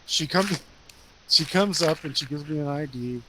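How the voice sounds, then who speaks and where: A laid-back man with a high voice tells rambling stories among friends, laughing as he goes and drifting into fillers. There is a faint noise floor under the recording. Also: moderate pace. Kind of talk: casual chat with friends.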